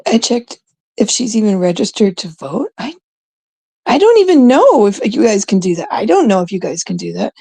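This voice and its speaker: Casting note: young woman from Canada, unhurried rambling chat with a gravelly edge and dark, mellow tone. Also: mid-range voice, sing-song, no echo. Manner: chatty, rambling, drops into hushed asides. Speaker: streamer chatting with viewers. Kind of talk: casual chat.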